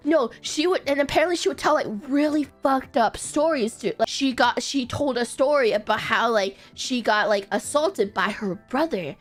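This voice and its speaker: A woman streamer telling a story in casual chat, animated, swearing often and breaking into laughter. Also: sits high, normal speed, hardly any pauses, faint music behind. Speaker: VTuber streamer.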